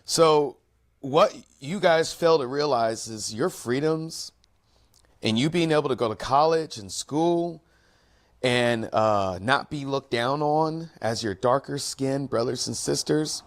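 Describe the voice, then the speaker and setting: Man, podcast host, earnest, measured delivery, steady middle pitch. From United States. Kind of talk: casual commentary talk.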